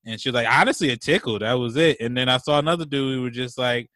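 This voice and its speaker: A young man with a bright, mid-pitched voice in a dry, close recording. He is laid-back and slangy, chiming in and riffing on his friend's story. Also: fast, no room sound. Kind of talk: casual chat.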